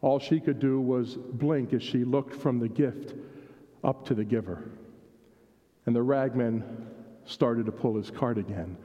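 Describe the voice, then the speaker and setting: Pastor reading a story in an echoing hall. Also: male voice, mid-range voice, dark tone. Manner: measured storytelling with small repeats. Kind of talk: reading a story aloud in a worship service. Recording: dull sound in a reverberant hall.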